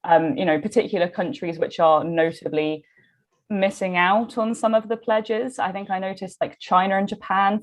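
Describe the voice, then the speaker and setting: A woman hosting a live online panel over a video call, asking long rambling questions with many fillers. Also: fairly low pitch. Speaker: host and moderator.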